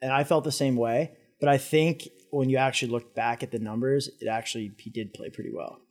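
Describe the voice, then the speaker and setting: A man's voice: medium pitch, steady tone, a little fast. A man speaking as a podcast guest, a blunt sports fan who swears and gets fired up. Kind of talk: casual podcast banter.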